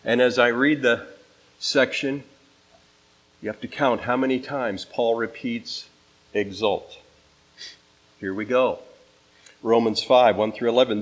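A pastor preaches an expository sermon like a teacher, stressing key words with emphatic inflection as he reads scripture aloud, and he gives listening assignments. His mid-range voice is unhurried, and the recording quality is low.

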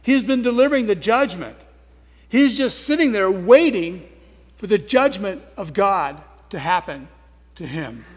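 A man with a high voice preaches a sermon with earnest intensity. He leans into loud emphasis, then drops to quiet, soft asides. His voice rings with the long reverb of a large hall. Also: lively intonation, normal speed, breathy edge.

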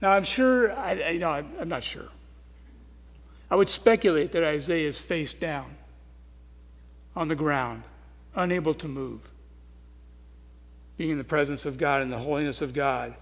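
A man with a high voice preaches a sermon with earnest intensity. He leans into loud emphasis, then drops to quiet, soft asides. His voice rings with the long reverb of a large hall. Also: normal speed, long pauses.

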